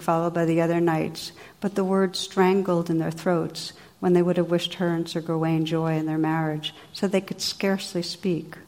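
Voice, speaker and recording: A meditation teacher reading an old legend aloud during a dharma talk, calm and expressive. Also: female voice, lowish voice.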